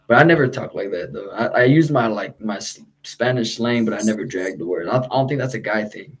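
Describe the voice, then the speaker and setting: A man's voice: on the low side, expressive, fairly quick, rough recording. A man hosting a casual chat with a light Texan accent, talking in a laid-back, slangy way and swearing freely. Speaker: podcast host.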